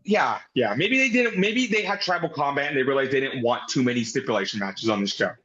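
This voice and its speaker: A man's voice: medium pitch, lively intonation, fast talker, pushed and bright, lo-fi sound. A man co-hosting a podcast, talking casually with strong opinions and some swearing. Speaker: podcast co-host. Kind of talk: casual chat.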